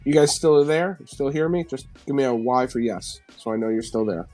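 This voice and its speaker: A man's voice: medium pitch, brisk, dark tone, soft background music. A man from New York hosting a live stream, reading news headlines aloud and mocking them with profane, sarcastic asides and frequent laughter. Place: home.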